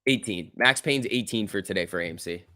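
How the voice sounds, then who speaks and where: A man's voice: on the low side, fairly quick, bright, forceful tone, dry recording, studio quality. A man hosting a casual stock-market livestream, reading viewer comments and ranting bluntly with frequent filler words.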